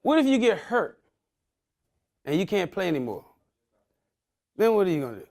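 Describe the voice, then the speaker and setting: Male motivational speaker working a young crowd; high, swinging voice, casual slang, keeps firing questions. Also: moderate pace, creaky. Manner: animated, quizzing the audience with casual slang. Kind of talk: interactive talk to a young audience.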